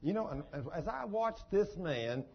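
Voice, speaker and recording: A preacher telling a story in a sermon, folksy and emphatic. His voice sits high and has a husky grain. The recording sounds dull and muffled. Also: big pitch swings, measured pace.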